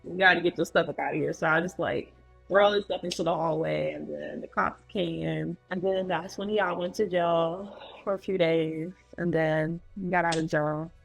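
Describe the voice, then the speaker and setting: A woman's voice: lowish voice, steady tone, moderate pace, creaky, dry recording, soft background music, low-quality recording. A woman telling her own story as a guest in a loose, casual way, full of filler words.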